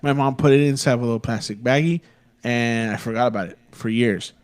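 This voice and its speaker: This young Texan co-hosts a podcast and tells a rambling, profane story in a relaxed, casual voice. His pitch is in a normal middle range, his tone is clean, and he sounds easygoing and unhurried.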